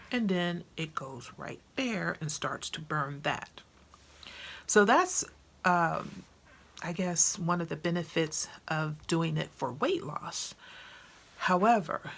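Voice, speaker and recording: A woman chatting to camera in an animated, colloquial way, often acting out conversations. Her voice sits low with a gravelly, husky texture. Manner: chatty, animated, acts out quotes; colloquial, with slangy grammar. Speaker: vlogger and author. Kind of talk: casual chat to camera.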